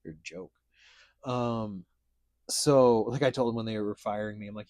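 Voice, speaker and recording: A man's voice: on the low side, normal speed, pauses often, a little mellow. A man hosting a casual podcast chat, telling stories in a blunt, profane, rambling way. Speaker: podcast host.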